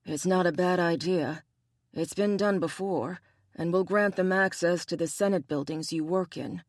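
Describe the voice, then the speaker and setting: A woman's voice: lowish voice, moderate pace, no room sound, studio quality, lightly acted. A woman voicing a cocky male investigator who talks in a matter-of-fact way.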